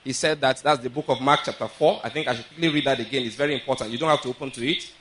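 A man's voice: mid-range voice, very fast, fairly bright tone, a little hiss or hum, rough recording. A man preaching a sermon, earnest and repetitive, often checking that his listeners follow. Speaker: pastor.

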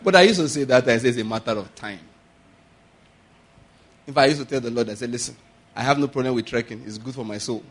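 A man pastor preaching a sermon, swinging between quiet asides and sudden loud, high emphasis. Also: fast talker, pauses often. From Nigeria.

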